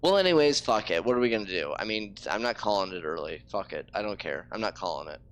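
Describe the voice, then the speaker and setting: A man's voice: fairly low pitch, lively intonation, fast, fairly bright tone, smooth. A man streaming a game live, ranting in frustration and swearing freely. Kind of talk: casual live-stream talk.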